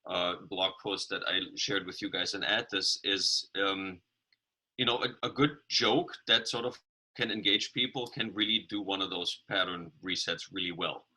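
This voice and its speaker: Man, lowish voice, very bright and forceful tone, reflective storyteller on a video call. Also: steady tone, moderate pace, slightly rough, low-quality recording. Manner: reflective, storytelling, frequent restarts. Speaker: meeting participant. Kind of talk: casual sharing in an online meeting.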